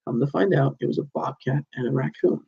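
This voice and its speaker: Gravelly young man rambling through stories. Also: mid-range voice, quick pace, muffled recording. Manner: rambling storytelling, many "like"s and self-corrections. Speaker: podcast host. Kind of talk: casual solo podcast recap.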